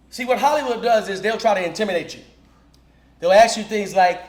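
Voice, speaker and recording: A man hosting a podcast and telling a story in a loud, theatrical, comic way. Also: sits high, a little fast. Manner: loud, theatrical, jumps between voices. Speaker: podcast host. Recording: roomy studio sound with faint noise.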